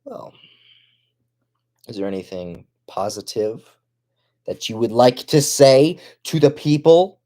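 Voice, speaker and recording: A man rambling through a silly comedy bit in a mellow, dark-toned voice. His pitch swoops around a lot as he stammers, trails off into mumbles, then bursts out again. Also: takes it slowly, long pauses. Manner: rambling, stammering, swinging from mumbled asides to excited outbursts. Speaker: comedic vlogger. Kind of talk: absurd improvised comedy monologue.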